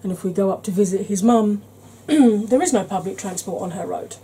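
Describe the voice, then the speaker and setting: Mellow woman chatting through makeup. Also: mid-range voice, normal speed, husky, poor audio. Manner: rambling, conversational, drops to soft whispers at times. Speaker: beauty channel host.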